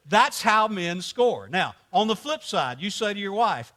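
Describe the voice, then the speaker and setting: A man's voice: high-pitched, expressive, a little fast, fairly bright tone. A man teaching a men's class at church in a joking, conversational way, quizzing the audience and laughing often. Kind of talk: humorous teaching to a men's group.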